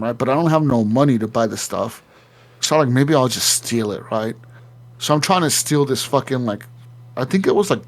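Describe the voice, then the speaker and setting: A man on a gaming podcast, casually retelling a video game story with lots of swearing and acting out the characters' lines. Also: mid-range voice. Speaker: podcast co-host.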